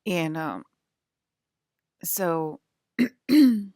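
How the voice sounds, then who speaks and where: Woman vlogger, low and gravelly, rambling and swearing a lot, annoyed, dry close sound. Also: animated, extremely slow, dark tone, no echo. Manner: profane, irritated rant. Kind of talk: rambling monologue.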